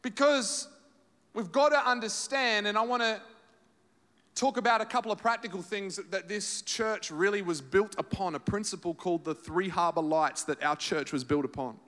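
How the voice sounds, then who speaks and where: Animated high-voiced preacher. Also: male voice, moderate pace. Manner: animated storytelling preacher, acts out quoted voices. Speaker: pastor. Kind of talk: sermon. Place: large church auditorium. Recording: reverberant hall.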